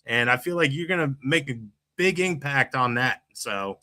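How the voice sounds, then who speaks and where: A man's voice: mid-range voice, moderate pace, sharp tone. Rambling man hosting a podcast. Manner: rambling, many restarts and fillers. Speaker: podcast host. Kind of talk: casual chat.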